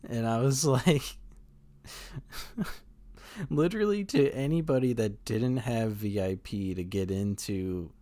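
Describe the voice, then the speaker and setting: A man's voice: mid-range voice, measured pace, pauses often, mellow, dry recording. A man co-hosting a casual podcast, telling stories in a laid-back way, swearing casually and laughing often. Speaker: podcast co-host.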